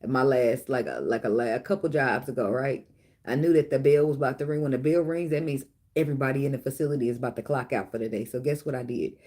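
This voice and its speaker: Husky low-voiced woman chatting bluntly. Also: fairly even intonation, fast, darkish tone. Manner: laughs often, storytelling, blunt and profane. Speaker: tarot reader and channel host. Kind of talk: casual chat to viewers.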